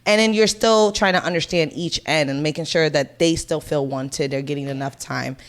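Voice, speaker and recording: A woman's voice: deep voice, normal speed. A Puerto Rican woman in her thirties, co-hosting a podcast, telling a family story in casual, blunt and profane chat. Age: 30s. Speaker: podcast co-host.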